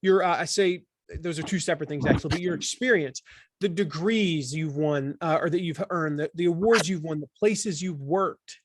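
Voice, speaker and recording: A man in his forties from the Southern United States, talking as an author in an interview, animated and full of restarts. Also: a little high, moderate pace, background noise. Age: 40s. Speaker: author and guest. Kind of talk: conversational interview.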